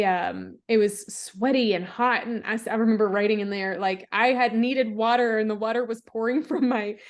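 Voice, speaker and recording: Reflective woman telling a faith story. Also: mid-range voice. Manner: reflective storytelling with restarts and soft laughs. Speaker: podcast guest, author. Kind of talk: casual faith conversation.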